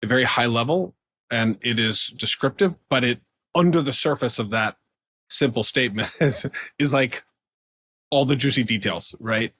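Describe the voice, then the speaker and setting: A man in casual storytelling mode, pitched right in the middle for a man. He rambles through fillers and restarts, and he often breaks into a laugh mid-sentence. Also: moderate pace, a bit bright. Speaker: podcast guest.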